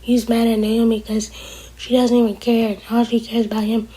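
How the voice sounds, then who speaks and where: A woman casually recapping a TV episode for her vlog, chatty and opinionated, talking back to the characters and sometimes dropping to a hushed near-whisper. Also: a little high, level tone, moderate pace, slightly rough, low-quality recording. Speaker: TV episode reviewer.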